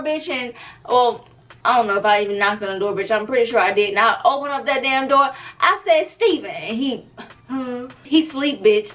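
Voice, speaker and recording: Lively high-voiced woman vlogger. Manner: animated, profane, addresses viewers as girl and bitch. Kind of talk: casual storytime.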